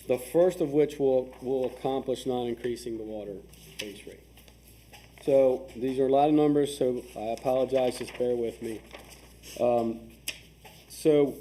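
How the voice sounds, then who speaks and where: Dark-voiced man walking through budget figures. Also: mid-range voice. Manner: methodical, checks in often with "okay?"; frequent restarts and fillers while reading numbers. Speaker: town official presenting finances. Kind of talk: explaining budget figures at a public work session. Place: town meeting room.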